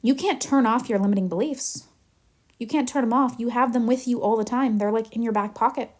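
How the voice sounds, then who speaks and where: Chatty, animated woman coach. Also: on the high side, fairly quick. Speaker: manifestation coach. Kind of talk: live Q&A teaching.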